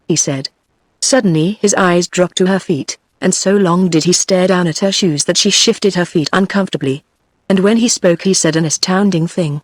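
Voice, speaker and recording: A computer-voiced woman with a British English accent reading a novel aloud in an even, scripted narration. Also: fairly low pitch, moderate pace, no echo. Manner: even synthetic reading, reads out punctuation. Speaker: audiobook narrator.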